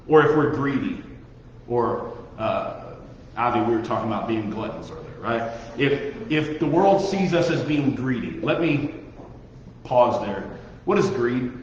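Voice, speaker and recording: A man's voice: mid-range voice, animated, unhurried, a little mellow, a little hiss or hum. A young man, leading a casual Bible teaching, questioning his listeners and joking about himself. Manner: conversational, asks the audience questions, self-deprecating humor. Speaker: youth pastor. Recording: echoey hall, muffled sound.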